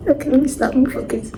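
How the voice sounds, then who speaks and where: A young woman chatting excitedly in a reading vlog, gushing and filling her talk with "like.". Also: high-pitched, creaky. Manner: excitable, gushing, drawn-out "like" fillers. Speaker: book vlogger. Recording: echoey room, faint background noise.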